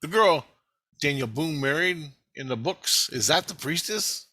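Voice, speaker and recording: A man with a bright, forceful voice rambles through a personal video monologue. He swears constantly and gets heated as he goes. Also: on the high side, lively intonation, unhurried, breathy edge. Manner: heavily profane, heated and rambling. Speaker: vlogger.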